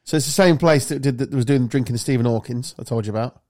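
A young man tells a long, winding anecdote in casual podcast chat. He swears freely and rambles through the story with animated energy. His voice sits at an ordinary male pitch. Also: fast. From South Lincolnshire, England. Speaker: podcast host.

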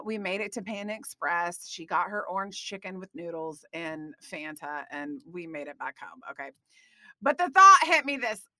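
A middle-aged woman from Texas hosting her own show, telling a comic story in an animated way and ending with a short devotional. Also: medium pitch, dry recording. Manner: animated, breaks into comic screams. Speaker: host. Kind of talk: casual storytelling with a devotional close.

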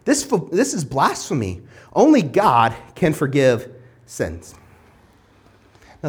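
A man preaching a sermon as pastor, earnest, asking the listeners one rhetorical question after another and often restarting his phrases. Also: a little high.

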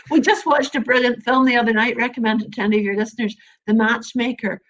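An Irish woman being interviewed about storytelling, emphatic and sincere, circling back to repeat what she means. Her voice is husky and a little breathy. The audio is somewhat dull and lo-fi. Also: fairly high pitch, fairly even intonation, moderate pace, fairly bright tone. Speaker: storyteller guest. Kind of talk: interview conversation.

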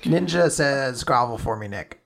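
A man co-hosting a casual podcast chat, joking and reacting quickly. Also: medium pitch, animated, vocal fry, fairly bright tone. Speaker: podcast co-host.

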